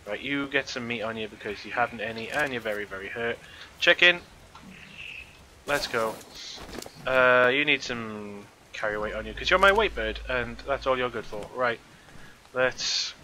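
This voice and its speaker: A man giving excitable let's play commentary, shouting at the creatures in his game. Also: mid-range voice, normal speed, slight background noise. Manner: excitable, talks at the game creatures, frequent exclamations. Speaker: gaming channel host.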